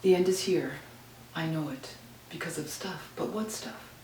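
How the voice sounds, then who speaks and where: A woman's voice: sits low, a little slow, darkish tone, slight background noise. A woman poet giving a dramatic reading of her poems at home, sometimes dropping to a whisper. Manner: dramatic, dynamic reading, drops to near whispers. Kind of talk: poetry reading. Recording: roomy, distant home recording.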